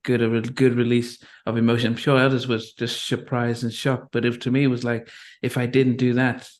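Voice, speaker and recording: Flat-voiced middle-aged male host. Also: mid-range voice. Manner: halting, many restarts, reflective. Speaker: interview host. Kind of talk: interview conversation.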